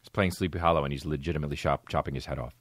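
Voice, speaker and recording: A man's voice: a bass voice, fairly even intonation, rapid-fire, no echo, studio quality. A man hosting a podcast, chatting in a loose, profane, jokey way. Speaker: podcast host. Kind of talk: casual podcast chat.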